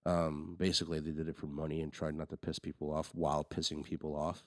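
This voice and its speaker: Podcast co-host, male, very low voice, dry mic, rambling casual delivery. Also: little pitch movement, fast talker, no echo. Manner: rambling, frequent restarts and fillers. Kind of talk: casual movie review chat.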